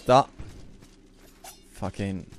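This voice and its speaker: A young man giving casual gameplay commentary who swears a lot and bursts out loudly at sudden mishaps. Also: drawn-out words, a little hiss or hum. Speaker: let's play host.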